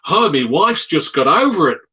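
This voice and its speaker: Brief: storyteller doing a shaken Australian tourist dad, put-on Australian accent, loud and a bit raised. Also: male voice, on the high side, sing-song, moderate pace, husky, muffled recording, exaggerated voice. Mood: chatty. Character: rattled Australian male tourist, blunt.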